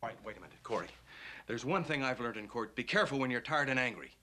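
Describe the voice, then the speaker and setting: An actor playing a young lawyer husband in a 1960s film comedy, dry and teasing. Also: male voice, mid-range voice, lively intonation, fast, pushed and bright. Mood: stern. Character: dry, unflappable young newlywed lawyer, man.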